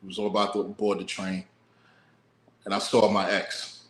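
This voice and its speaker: A man's voice: sits low, little pitch movement, moderate pace, slight background noise. A man co-hosting a casual talk show, laying out his views in a laid-back, profane way. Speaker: podcast co-host. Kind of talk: casual chat. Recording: roomy echo.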